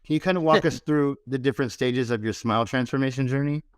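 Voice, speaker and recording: A man's voice: mid-range voice, fast, clear, resonant tone, dry recording. A man hosting an interview, affirming his guest and asking her to walk through her experience. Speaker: podcast host.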